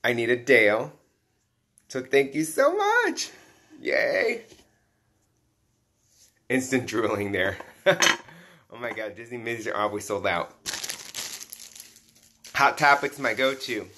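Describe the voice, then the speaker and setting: A man chatting casually on a live stream as he unboxes collectible toys, excitable and chatty, greeting viewers by name. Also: mid-range voice, slow pace, long pauses, slight background noise.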